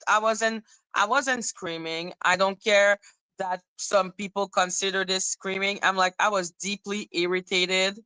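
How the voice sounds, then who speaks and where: A woman hosts a casual commentary monologue, blunt and emphatic, and she swears freely. She takes her time, and her words come out unhurried and deliberate. Her voice is bright and crisp, recorded dry and close with no room sound. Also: medium pitch, no room sound, low-quality recording. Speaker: commentary channel host.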